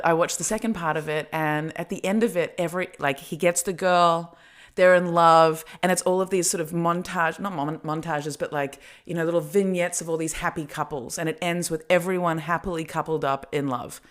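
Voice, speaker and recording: A woman's voice: on the low side, fairly even intonation, normal speed, fairly bright tone. A woman hosting a comedy podcast, telling a story casually with many fillers and restarts. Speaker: podcast host. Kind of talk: casual chat.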